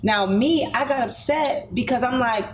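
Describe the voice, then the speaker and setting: Animated woman telling a personal story. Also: fairly high pitch, moderate pace, a crowd in the background. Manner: animated, acts out her own past quotes. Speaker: podcast guest. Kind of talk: casual storytelling. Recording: noisy podcast recording.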